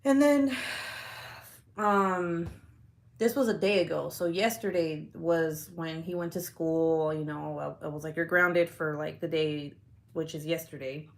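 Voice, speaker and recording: A woman's voice: low-pitched, fairly even intonation, measured pace, vocal fry. A young adult woman vlogger telling a heated neighborhood story in a casual, profane way, full of "like" fillers.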